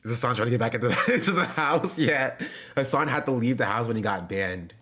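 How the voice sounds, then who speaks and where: A man's voice: mid-range voice, expressive, a little fast, a bit bright. A young man chatting casually with his live-stream audience, joking and loose, full of slang and fillers. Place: home.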